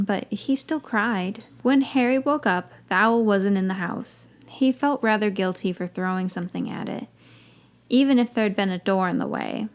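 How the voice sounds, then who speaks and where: A woman hosting a podcast, reading a story aloud and breaking off for wry, dry asides. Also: mid-range voice. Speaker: podcast host reading fan fiction.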